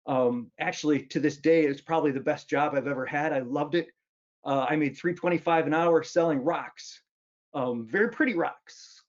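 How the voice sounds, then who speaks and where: A Wisconsin author in his fifties gives a humorous, self-mocking storytelling talk at a luncheon, full of ums and restarts. His voice is a little high, his pace moderate, and the recording is muffled.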